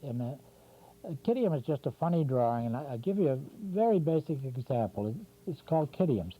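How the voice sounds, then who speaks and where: A man's voice: a little high, big pitch swings, a little fast. A man hosting a drawing show, chatting through each pencil stroke as he teaches cartooning step by step. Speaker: drawing instructor and show host. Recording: dull 1990s community TV tape with faint hum.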